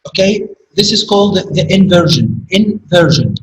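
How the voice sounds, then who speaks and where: A man teaching a grammar lesson, speaking slowly and repeating key words for emphasis. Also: high voice, expressive. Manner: slow, repetitive, stresses key words. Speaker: high school English teacher. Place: classroom. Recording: echoey room, voice from a distance.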